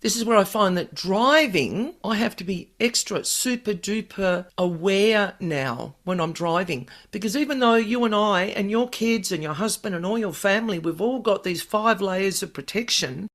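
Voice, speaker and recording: A woman at a middle pitch hosts a podcast as a paranormal specialist. She explains her ideas in an earnest, casually chatty way to her guest. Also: moderate pace, few pauses. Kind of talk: conversational podcast talk.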